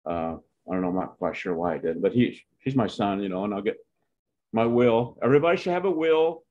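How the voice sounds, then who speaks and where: A man's voice: lowish voice, lively intonation, fairly quick, a little mellow, muffled recording. A man in his seventies from Oklahoma, telling his life story in a rambling, heartfelt way with many restarts. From Oklahoma, USA. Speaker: interviewee.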